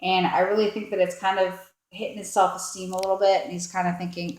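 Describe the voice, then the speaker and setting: A woman's voice: fairly low pitch, flat delivery, fast, hardly any pauses, darkish tone. A woman giving a casual tarot reading, rambling with lots of fillers and acting out the thoughts of the people in the cards. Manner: rambling, filler-heavy, acts out quoted thoughts. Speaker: tarot card reader. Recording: roomy echo.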